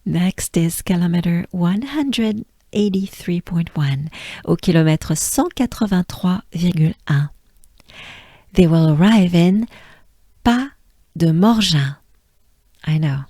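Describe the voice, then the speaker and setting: French lady teacher drilling sounds over and over, low-ish mellow voice, super slow. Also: animated, slightly rough, dry recording, studio quality. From France. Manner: slow, patient, repeats sounds for the listener to copy. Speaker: pronunciation teacher. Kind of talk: pronunciation lesson with repetition drills.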